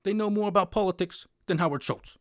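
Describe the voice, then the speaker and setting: A man's voice: high voice, fast talker, dry recording, studio quality, pitched above the performer's own voice, natural voice. A man putting on an exasperated older career senator, sputtering and stammering with indignation. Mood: indignant.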